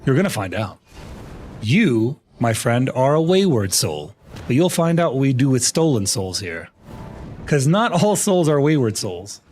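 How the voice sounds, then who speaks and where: A man's voice: medium pitch, expressive, moderate pace, a little hiss or hum. A man streaming live, chatting casually and joking playfully with his chat.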